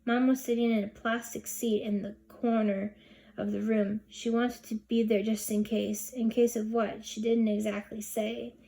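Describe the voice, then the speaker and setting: A woman's voice: on the high side, little pitch movement, normal speed, vocal fry, dark tone. A woman narrating a children's chapter book in first person, reading expressively. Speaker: audiobook reader. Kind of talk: storybook narration.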